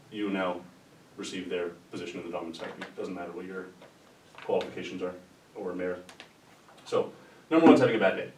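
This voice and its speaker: A man giving an informal, rambling lecture, talking conversationally with restarts and asides. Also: darkish tone. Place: lecture room. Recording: roomy sound from a distant mic with faint rumble.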